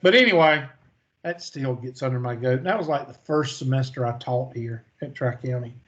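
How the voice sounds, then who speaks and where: A male math instructor with a mid-range voice speaks at a normal pace and sounds a bit bright, though the recording is muffled. He teaches his lecture in a folksy, storytelling way, posing questions to the class and then answering them himself.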